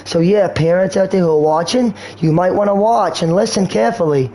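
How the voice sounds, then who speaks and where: A man's voice: sits high, brisk, hardly any pauses, warm tone, slight background noise. A man streaming a game, talking in a slangy, rambling and erratic way. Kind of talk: rambling casual stream talk.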